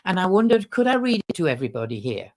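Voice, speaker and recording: A woman's voice: fairly low pitch, big pitch swings, quick pace, darkish tone, pitched above the performer's own voice. A man putting on a chatty, eager woman poet with a Manchester accent. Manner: apologetic, eager, breathless chatter.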